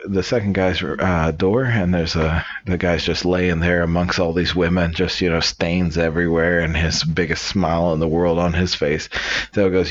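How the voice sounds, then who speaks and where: Low-voiced guy telling jokes, kinda rambly, muffled lo-fi mic. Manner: relaxed, rambling storytelling with fillers. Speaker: joke teller.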